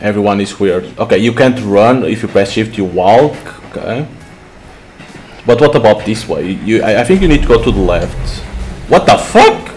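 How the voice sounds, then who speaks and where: A man giving live gameplay commentary, reacting out loud and swearing. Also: on the low side, normal speed, faint music behind. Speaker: gamer.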